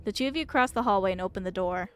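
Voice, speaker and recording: A young woman streaming, reading a visual novel aloud and reacting with excited laughs and exclamations. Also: mid-range voice, rapid-fire, clean tone.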